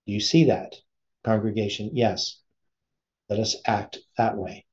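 A man's voice: fairly low pitch, steady tone, unhurried, darkish tone, highs cut off. A man preaching, reading a sermon aloud with his own commentary and asking the listeners rhetorical questions.

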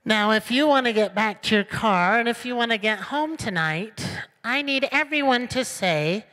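A man voicing a brassy, cheerful woman shuttle driver who drawls loudly and whoops. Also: extremely high pitch, animated, moderate pace, heavily acted. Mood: cheery drawl. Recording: long hall reverb.

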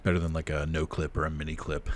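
This man commentates on a game in a very deep voice with vocal fry, keeping it chatty and casual. He laughs and curses openly at the on-screen action, and slight hiss or hum sits under the recording.

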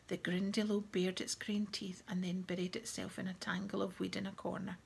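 A woman narrating an audiobook in a soft, breathy reading voice. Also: medium pitch, flat delivery, a little fast, hardly any pauses.

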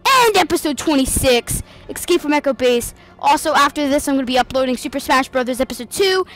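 Excitable high-voiced woman gaming host. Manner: excitable, playful, quick to shout and mimic characters. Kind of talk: let's play commentary.

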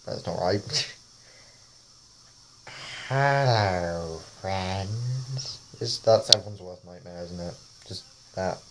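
Chatty man, slow and laughing. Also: low voice, very noisy. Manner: chatty, rambling, often laughs. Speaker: vlogger. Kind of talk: casual commentary while trying a face-swap app.

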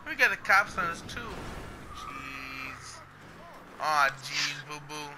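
A gaming channel host plays a driving game with a friend, joking, swearing, and repeatedly teasing him with a cartoon-bear style bit. His voice is a little high and slow, with a noisy background behind the casual banter.

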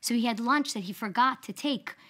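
A woman's voice: fairly high pitch, fairly quick, a bit bright. A woman guest on a talk show retelling a family story, acting out quoted lines with animation.

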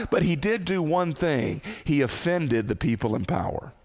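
Male pastor, sermon, gravelly, high-pitched, impassioned, loud then hushed. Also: sing-song, measured pace. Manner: impassioned preaching, swings from loud outbursts to hushed low tones.

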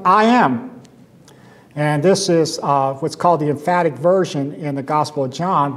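Man, Sunday school teacher, slightly high voice, conversational, rhetorical questions, emphatic scripture quotes. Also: a little mellow. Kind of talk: Bible class teaching.

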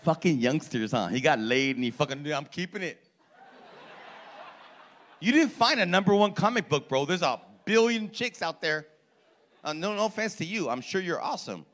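A man in his forties doing crowd-work stand-up in a comedy club, loud and profane, teasing people in the audience. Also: a little high, expressive, a little fast. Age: 40s.

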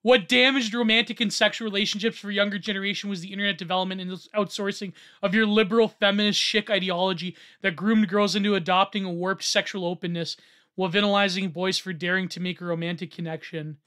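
A man reading out a social media thread and reacting to it in an excitable way. He laughs often and swings between low muttering and loud shouting. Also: fast talker. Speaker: online commentator.

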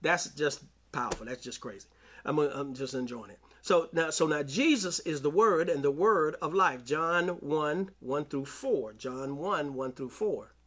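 Male preacher, high voice, AAVE, sermon delivery with call-outs. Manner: preaching with call-outs and scripture reading, rising to shouts. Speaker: pastor.

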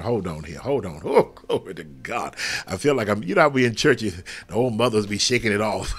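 A man leading a live prophetic prayer over a livestream, fervent and swinging from soft murmurs to loud exclamations. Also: fairly low pitch, very animated, moderate pace. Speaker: pastor. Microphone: livestream webcam.

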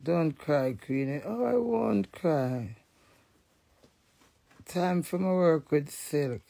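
A middle-aged woman in a blunt, profane, animated casual rant to the camera. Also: deep voice, slow, vocal fry.

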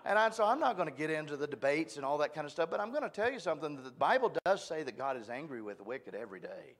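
A man's voice: fairly high pitch, sing-song, fast talker. A man preaching a sermon at a church, folksy and emphatic, joking at his own expense. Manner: folksy, emphatic, self-deprecating. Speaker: guest preacher.

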